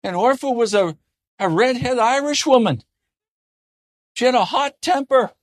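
A man preaching a sermon in an earnest way, often dropping to a soft, gentle tone. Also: very high voice, animated, a little slow, no echo, studio quality. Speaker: pastor.

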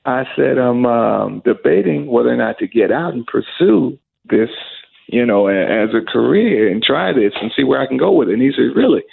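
A middle-aged man, a singer, telling an animated story in an interview and acting out the voices of the people in it. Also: medium pitch, moderate pace, creaky, slightly rough. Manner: animated storyteller who acts out quoted voices. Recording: phone-like narrow audio.

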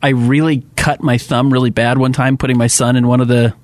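A man's voice: medium pitch, level tone, fairly quick, dry recording. A man co-hosting a sports radio show, bantering casually with emphatic, joking asides.

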